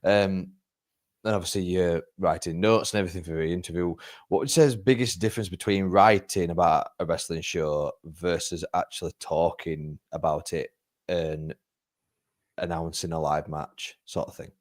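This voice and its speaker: A man's voice: deep voice, normal speed. A man from England hosting an interview, friendly and casual, with stumbling starts and many fillers. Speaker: podcast interviewer.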